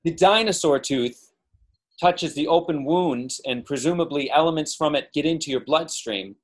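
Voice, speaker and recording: A man's voice: fairly high pitch, moderate pace. A man co-hosting a podcast in casual chat, asking teasing, mock-scientific questions. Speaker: podcast co-host.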